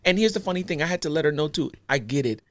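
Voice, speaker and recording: A man's voice: a little high, lively intonation, rapid-fire, a bit bright, dry recording. A man co-hosting a podcast, telling a personal story in casual chat with easy slang and an earnest tone. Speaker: podcast co-host.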